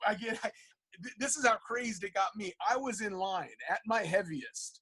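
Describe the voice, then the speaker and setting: A man, a comic book artist guest, telling stories in casual podcast chat with animated, stammering restarts. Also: high voice, normal speed, breathy edge, low-quality recording.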